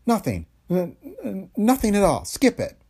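A man voicing a nervous, husky young actress. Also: high-pitched, huge pitch swings, unhurried, mellow, voice pushed up, full character voice. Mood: flustered. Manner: breathy, hesitant, stammering. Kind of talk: audiobook character voice.

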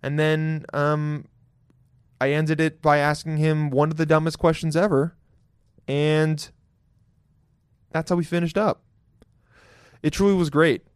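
A man's voice: a little high, level tone, unhurried, long pauses, clean tone, dry recording, clean studio sound. A man hosting a podcast, talking casually in a loose, jokey and profane way, laughing often. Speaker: podcast host. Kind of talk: casual solo podcast intro.

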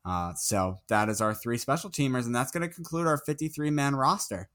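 Bright, rambling young sports podcast host. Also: male voice, mid-range voice, lively intonation, moderate pace, few pauses. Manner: rambling, filler-heavy, chuckling. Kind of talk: casual sports podcast chat.

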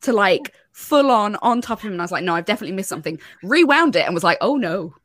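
A woman's voice: medium pitch, lively intonation, quick pace, fairly bright tone, no echo, studio quality. A woman with an Irish accent chatting casually on a podcast, chatty and swearing, laughing at herself. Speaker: podcast guest. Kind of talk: casual chat.

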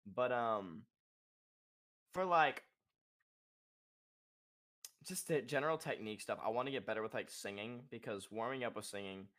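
A man's voice: moderate pace, pauses often, a bit bright. A young man, a musician guest on a podcast, talking casually and rambling with filler words and swearing. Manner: rambling, casual, swearing, demonstrates singing in high falsetto.

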